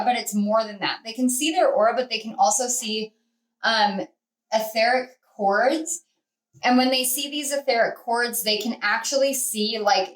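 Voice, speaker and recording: A woman giving a spiritual tarot reading, rambling and heartfelt with many fillers, speaking from a distance from the mic. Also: on the high side. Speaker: tarot reader. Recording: roomy, from off-mic.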